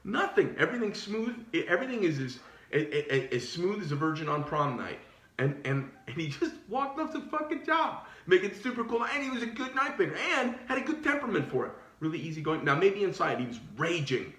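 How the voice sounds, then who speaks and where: A middle-aged man who owns a knife shop rants casually, full of profanity and restarts, in a brisk, high-pitched voice with a roomy sound. He comes across as animated and rambling.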